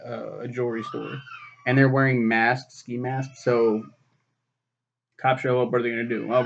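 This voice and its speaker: A man's voice: mid-range voice, creaky, a little hiss or hum. A man casually reviewing a film in a rambling, profane way, full of fillers and restarts. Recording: dull lo-fi recording.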